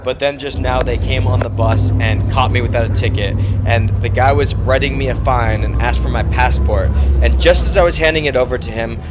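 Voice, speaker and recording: A man's voice: medium pitch, a little fast, hardly any pauses, very noisy. A young man giving a plain, reflective voice-over narration for his travel vlog. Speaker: travel vlogger. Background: background music.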